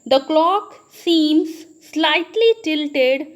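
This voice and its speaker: A woman teacher with an Indian English accent speaks very slowly in a high-pitched voice as she gives a grammar lesson. She often talks to the students directly, asking questions and then answering them.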